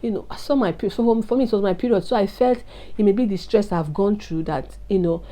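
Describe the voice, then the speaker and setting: A woman's voice: medium pitch, fast, warm tone. A woman, telling an emotional personal testimony and confiding in her viewers. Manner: earnest, confiding, addresses viewers as guys. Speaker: vlogger sharing a testimony.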